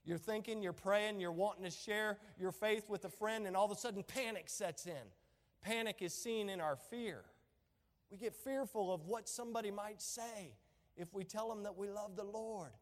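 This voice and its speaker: A man with a very high voice preaches a fervent sermon in a drawl. He presses hard on key lines, then drops to quiet asides. His voice rings out with a long reverb, as in a church hall. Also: normal speed. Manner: impassioned preaching, swings between loud emphasis and hushed asides. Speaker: pastor.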